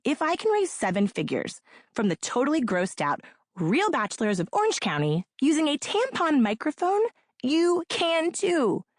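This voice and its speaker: A woman's voice: fairly high pitch, moderate pace, no room sound, clean studio sound. Woman narrating her book with pep. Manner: energetic, playful, pep-talk delivery. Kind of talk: audiobook narration.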